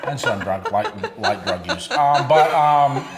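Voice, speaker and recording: A man's voice: mid-range voice, expressive, slow pace, music in the background. A man from Nashville, a guest comedian, telling wry stories in casual chat on a lapel mic. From Nashville, Tennessee. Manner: joking, wry, laughing often. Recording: roomy with loud background noise.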